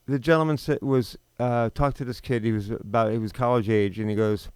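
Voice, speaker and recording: A man's voice: medium pitch, fairly even intonation, a little fast, a little mellow, clear, resonant tone, dry recording. A man in his fifties hosting a talk show, delivering an unscripted, indignant monologue full of rhetorical questions and restarts. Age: 50s. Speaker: podcast host.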